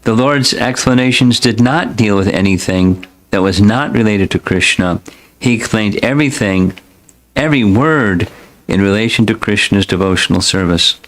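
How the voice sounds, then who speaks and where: Low-voiced man slowly reading scripture. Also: fairly bright tone, rough recording. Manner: slow, deliberate, devotional reading. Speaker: spiritual teacher reading scripture.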